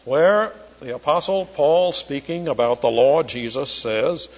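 An older man, from Charleston, preaching an expository sermon and slowing down when he quotes scripture. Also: fairly high pitch. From Charleston, South Carolina. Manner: slows down to quote scripture, teacherly. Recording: dull lo-fi recording, long hall reverb.

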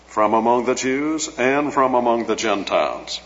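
A man preaching an expository sermon in a measured, teacherly way, slowing down to stress key words. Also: medium pitch. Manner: measured, teacherly, slows for emphasis. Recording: dull lo-fi audio in a reverberant hall.

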